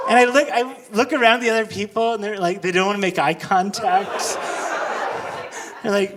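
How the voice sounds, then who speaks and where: Animated, awkward stand-up comedian man. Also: high-pitched, normal speed. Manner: awkward, self-deprecating, animated storytelling. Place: live comedy show at a restaurant venue. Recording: live club recording with background noise.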